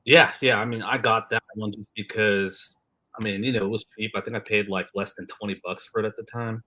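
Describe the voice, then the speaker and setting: A man co-hosting a casual livestream chat, talking in a relaxed, rambling way with lots of fillers. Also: on the low side, a little fast. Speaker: co-host.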